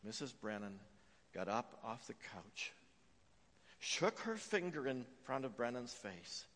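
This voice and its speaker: A man preaching a sermon as pastor, telling a story with frequent "uh" fillers and swinging between hushed and emphatic delivery. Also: medium pitch, sing-song, slow. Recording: long reverb of a large hall.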